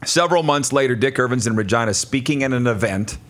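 A Canadian man and sports broadcaster swapping stories in a casual chat, excitable and quick to laugh. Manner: excitable, quick to laugh, jumps up high in pitch.

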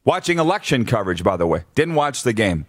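A man's voice: mid-range voice, big pitch swings, fast talker, no echo, studio quality. A man hosting a sports talk show, running through numbered points with blunt opinions and frequent restarts.

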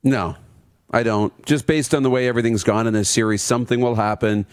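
A man's voice: medium pitch, fairly even intonation, dry recording. Male radio co-host, casual sports banter, firm short opinions; dry close sound. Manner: agreeable, quick to back up the host with firm short takes.

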